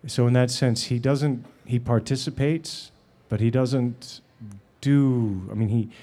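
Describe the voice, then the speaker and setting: Halting man telling stories at a Q&A. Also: mid-range voice, fairly even intonation, warm tone. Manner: halting, with many fillers and restarts, laughing often. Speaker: actor and guest at a Q&A. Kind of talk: anecdotal Q&A talk.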